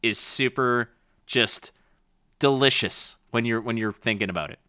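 A man co-hosting a podcast, chatting casually and acting out quotes in animated stories. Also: mid-range voice, a little slow, clean tone, dry recording, studio quality. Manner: animated storytelling, acts out quotes. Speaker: podcast co-host. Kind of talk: casual chat.

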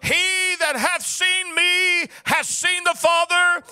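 A man preaching as pastor, swinging from a low murmur to high, chanted shouting in a sing-song cadence. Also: steady tone, slow pace. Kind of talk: sermon.

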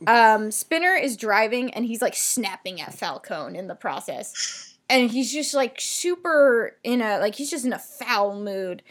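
A woman co-hosting a casual TV recap podcast, talking in an animated way with frequent swearing and filler words. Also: on the high side, measured pace. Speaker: podcast co-host.

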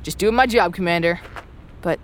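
A woman voicing a cocky young male superhero who insists on fighting alone and shouts his own sound effects. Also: on the low side, normal speed, a little hiss or hum, close to an everyday voice. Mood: stubborn. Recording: loud music behind.

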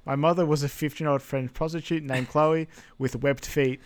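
A man voicing a pompous male evil mastermind, reciting his childhood monologue in a flat, deadpan way. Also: on the high side, moderate pace, natural voice.

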